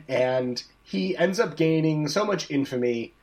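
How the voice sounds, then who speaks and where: A man's voice: on the high side, a little slow. A man casually telling a history story to his co-hosts, joking and swearing as he goes. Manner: profane, joking, animated storyteller.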